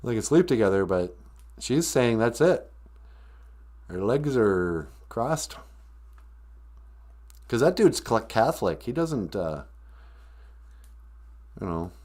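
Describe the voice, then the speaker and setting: A man's voice: fairly low pitch, animated, takes it slowly, long pauses, a little mellow. A man hosting a live-stream podcast, rambling through a sarcastic, mock-grumpy comedic rant. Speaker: podcast host.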